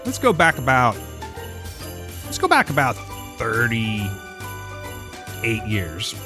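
A man's voice: mid-range voice, huge pitch swings, slow pace. A man hosting casual comedic banter, loose and joking, with frequent swearing. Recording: echoey, with faint music behind.

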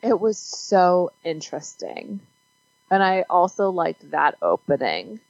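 A woman's voice: fairly low pitch, very animated, slow pace, no room sound, dull audio. A woman co-hosting a casual movie review podcast, who loses track of her point as she talks. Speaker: podcast co-host.

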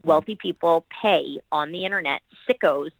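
A woman's voice: sits low, normal speed, vocal fry, no room sound, phone-quality sound. A middle-aged woman, an actress and producer, talking about her projects in a podcast interview in an enthusiastic, rambling way, full of praise for her colleagues.

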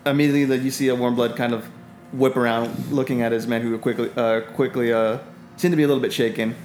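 A man runs a tabletop game and narrates the scene in a halting way, stopping for fillers and restarting his sentences. His voice sits at a middle pitch. Faint noise hangs behind him. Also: steady tone, a little mellow. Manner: hesitant, many fillers and restarts. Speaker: game master.

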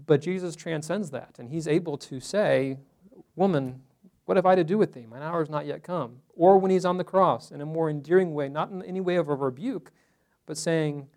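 A man's voice: on the high side, darkish tone. Man leading a live Bible study. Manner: conversational, asks the group questions. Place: room with a small group.

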